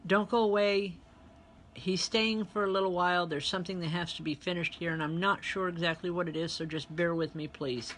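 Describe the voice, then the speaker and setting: A woman medium giving a live online reading, chatty and direct with her viewers. Her voice is bright and forward. Faint noise sits behind her. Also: on the low side, fairly even intonation, brisk. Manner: chatty, speaks straight to online viewers, relays spirit messages. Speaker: spiritual medium and reverend.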